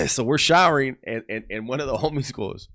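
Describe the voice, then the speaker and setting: Man, casual storytelling, laughs a lot, street slang, mid-pitched voice. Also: fairly quick, gravelly. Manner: laughs often, streetwise slang, lively retelling. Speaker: YouTuber.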